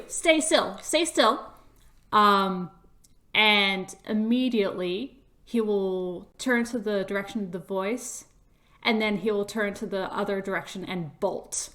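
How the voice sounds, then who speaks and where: A woman narrating as game master of a tabletop game, halting with frequent fillers and a playful tone. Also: mid-range voice.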